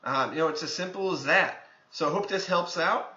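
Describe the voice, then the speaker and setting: A man's voice: a little high, brisk, bright, forceful tone. A man, a fitness trainer, talking through a casual screen-recorded tutorial in a conversational way, with many filler phrases. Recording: echoey room, dull lo-fi sound.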